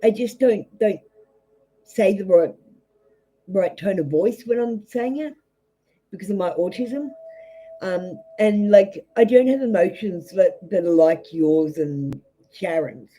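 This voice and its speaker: An Australian woman talks straight to her viewers as a tarot reader on a live stream. She is blunt and rambling, full of fillers and self-restarts. Her voice is mellow and relaxed, at an ordinary middle pitch. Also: takes it slowly, poor audio.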